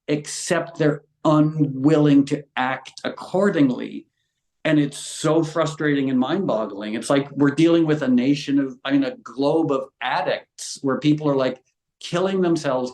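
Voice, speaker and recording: A man's voice: fairly high pitch, normal speed, a little mellow. Earnest middle-aged man in a roomy space. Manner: earnest, impassioned and frank. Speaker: guest. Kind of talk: conversational interview. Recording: roomy echo.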